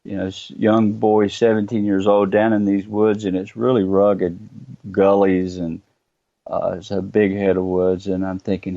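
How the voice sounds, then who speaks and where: A middle-aged man, telling his own story as a guest in earnest, halting bursts with many pauses. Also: low voice, little pitch movement, gravelly, warm tone, no room sound, dull audio. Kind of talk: personal storytelling interview.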